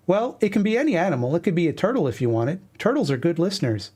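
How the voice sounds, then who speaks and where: A man's voice: on the high side, big pitch swings, fast, darkish tone, breathy edge. A man voicing a cheery, overly polite young woman in a webcomic reading. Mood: soothing. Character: cheery sweet-natured young woman, upbeat.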